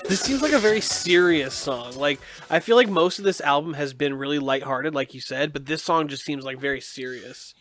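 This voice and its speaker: A laid-back young man chatting on a podcast with a slightly high voice and a dry, wry humor. Faint music plays softly behind him. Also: normal speed, hardly any pauses. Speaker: podcast co-host. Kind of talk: casual chat.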